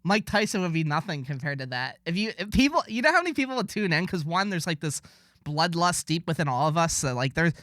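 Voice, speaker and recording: Podcast guy rambling sarcastic, voice sits kinda high, dead dry mic. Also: very animated, quick pace, fairly bright tone, dry recording. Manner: rambling, sarcastic, mock-boastful. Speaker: podcast co-host. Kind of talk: casual podcast banter.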